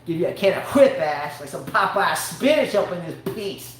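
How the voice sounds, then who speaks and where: A man co-hosting a live online sports talk show, ranting in an animated way with comic outbursts. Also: sits high, normal speed. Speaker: show co-host. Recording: very echoey room, faint hiss.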